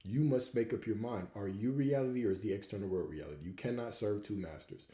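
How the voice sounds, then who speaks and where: A man's voice: lowish voice, fairly quick, warm tone, reverberant. A man hosting a livestream Q&A, coaching viewers and hammering points home with repeated rhetorical questions. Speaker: host answering viewer questions.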